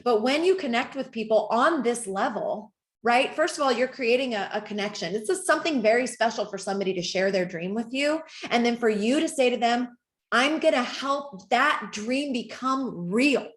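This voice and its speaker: A woman's voice: on the high side, lively intonation, a little fast. A middle-aged woman leading a motivational training talk for her network marketing team, earnest, emotional and encouraging. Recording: roomy echo.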